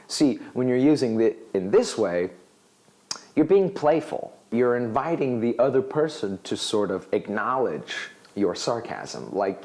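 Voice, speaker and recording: A man's voice: mid-range voice, unhurried. A man presenting a video lesson that explains an English phrase. He talks with plenty of energy and acts out his examples. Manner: animated, acts out example dialogues. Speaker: English teacher.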